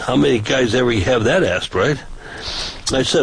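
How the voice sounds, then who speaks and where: A man who preaches on the street, telling stories from his protests in a casual, animated way. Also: normal speed, creaky, long pauses, breathy edge, poor audio. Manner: animated, pitch jumps for quoted voices. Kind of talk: casual storytelling.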